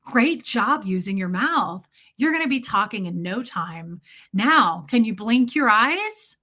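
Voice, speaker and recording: Give me a syrupy, overly encouraging grandma , as a woman puts her on, heaping slow, bright-toned praise on a baby. Her voice sits a little high and rings crisp and sharp. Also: animated, exaggerated voice. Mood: gushing praise. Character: sugary, relentlessly praising grandmother, older woman.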